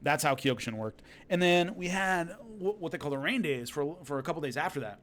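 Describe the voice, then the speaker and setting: A middle-aged man telling a casual story, animated and acting out hits with loud sound effects. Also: fairly high pitch, a little fast. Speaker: combat sports commentator telling stories.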